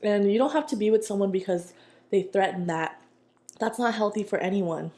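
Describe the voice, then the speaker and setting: A woman's voice: mid-range voice, moderate pace, a little mellow. A young woman vlogger telling a sassy, slangy story while she eats. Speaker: mukbang vlogger. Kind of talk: casual storytelling while eating.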